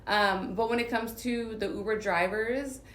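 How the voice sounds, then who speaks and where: Her voice is a little high and fairly bright, with fairly even intonation and a measured pace. This vlogger from Southern California rambles through a personal story full of filler words, in a room with noticeable echo.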